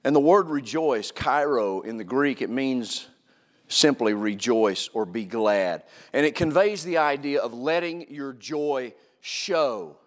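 A man's voice: medium pitch, expressive, slow pace. A man preaching a sermon as a pastor, earnest and emphatic, repeating phrases to drive a point home. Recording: long reverb of a large hall.

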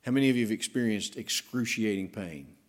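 A man preaching a sermon as pastor, swinging between emphatic rising passages and hushed slow phrases to stress key words. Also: lowish voice.

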